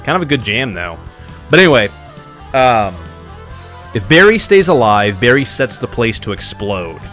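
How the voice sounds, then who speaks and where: A man streaming a game live, giving animated, mocking commentary with laughs. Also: medium pitch, normal speed, soft background music.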